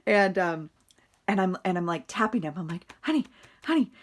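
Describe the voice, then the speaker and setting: At a moderate pace and in a lowish voice, this middle-aged vlogger chats casually through her journal, telling about her week. She rambles and laughs a lot as she goes.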